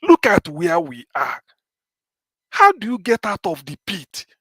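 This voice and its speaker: A Nigerian man with a notably high voice delivers animated political commentary on a live stream. He moves freely between English and Pidgin, and the sound is close and dry. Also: unhurried, breathy edge, no room sound.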